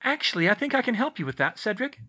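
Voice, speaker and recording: A man's voice: high-pitched, very animated, fast, sharp tone, pitched above the performer's own voice, exaggerated voice. A man voicing a nervous, eager teenage girl.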